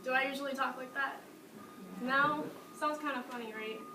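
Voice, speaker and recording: A woman teaching a music class, talking lively and breaking into sing-song examples, recorded from afar in a classroom. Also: high voice, moderate pace. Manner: lively, sing-song demonstrations with frequent laughs. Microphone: distant camera mic. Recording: echoey classroom from far off, noisy.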